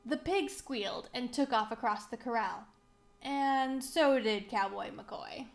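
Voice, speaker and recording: A woman reading a children's picture book aloud, slow, clear and expressive for young children. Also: a little high. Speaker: museum storybook reader.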